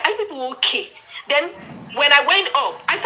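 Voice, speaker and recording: High, lively Nigerian woman ranting. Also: fairly quick, highs cut off, a little hiss or hum. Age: 40s. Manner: defiant, dismissive, talks over others. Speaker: live stream host. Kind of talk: heated live stream rant.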